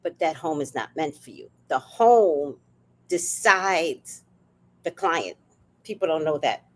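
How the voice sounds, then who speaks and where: A woman's voice: low voice, slow pace. A woman hosting a livestream, telling stories in a loose, chatty way. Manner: chatty, animated storytelling. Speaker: livestream host. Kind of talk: casual chat.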